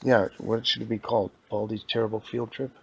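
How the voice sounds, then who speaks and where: A man's voice: lowish voice, flat delivery, a little fast, creaky, dull audio, slight background noise. A man casually telling a made-up story, rambling and repeating himself as he goes. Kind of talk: improvised bedtime-style storytelling.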